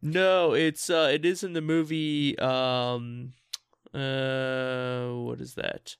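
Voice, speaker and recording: Gravelly-voiced rambling man. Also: mid-range voice, little pitch movement, no room sound, studio quality. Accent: American. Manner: rambling, halting, many fillers. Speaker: podcast co-host. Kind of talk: casual comedy podcast chat.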